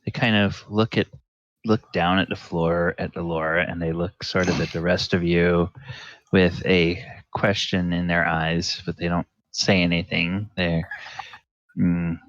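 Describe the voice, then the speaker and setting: A man narrating as game master for a tabletop game, halting and unhurried with many fillers. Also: low-pitched, flat delivery, fairly bright tone, no echo, lo-fi sound.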